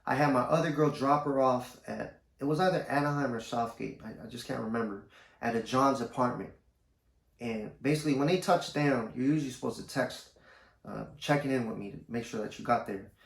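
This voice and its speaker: Gravelly, laid-back male vlogger. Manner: laid-back, slangy, low-key. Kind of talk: casual storytelling to camera. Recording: roomy echo.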